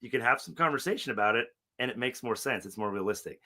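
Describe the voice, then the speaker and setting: A man's voice: mid-range voice, fast. A man co-hosting a fan podcast, chatting casually and profanely, often mimicking characters. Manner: profane, animated, mimics characters in funny voices. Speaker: podcast co-host. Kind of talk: casual chat.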